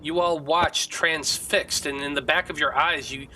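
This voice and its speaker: A man's voice: fairly high pitch, steady tone, unhurried, sharp tone, a little hiss or hum, low-quality recording. A man narrating a tabletop game as game master, describing scenes vividly.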